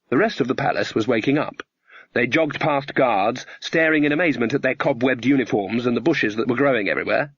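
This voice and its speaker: A man's voice: mid-range voice, a little fast, a bit bright, slightly rough, no echo. Male audiobook narrator, dull dry sound. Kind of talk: scripted narration.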